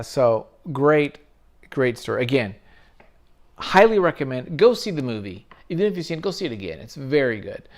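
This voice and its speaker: A man's voice: mid-range voice, creaky. A man hosting his own channel, rambling casually and swearing lightly as he talks through a story late at night. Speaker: video essay host.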